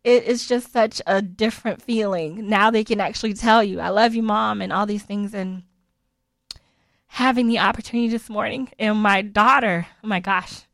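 A woman in her forties talks through a personal story in a loose, chatty monologue, laughing often as she goes. Her voice sits at an ordinary middle pitch. The sound is close and dry, with no room around it. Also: steady tone, moderate pace, vocal fry, a bit bright, dry recording.

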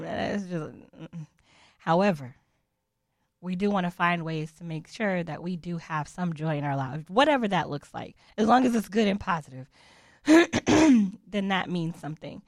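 Woman, devotional host, chatty and encouraging, fry in the voice, dry sound. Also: medium pitch, dry recording. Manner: chatty, upbeat, playful asides and mock voices. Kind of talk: casual encouraging devotional talk.

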